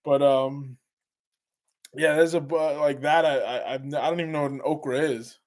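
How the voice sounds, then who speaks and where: A man's voice: medium pitch, fairly even intonation, normal speed. A middle-aged man hosting a casual live stream, rambling through stories and chatting with viewers. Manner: rambling, laughs while telling stories. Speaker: livestream host.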